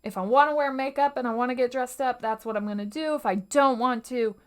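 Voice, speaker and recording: Lively, earnest woman podcast host. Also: fairly high pitch, brisk, smooth. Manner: earnest, animated, acts out inner voices, drops to whispers. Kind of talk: motivational solo podcast talk.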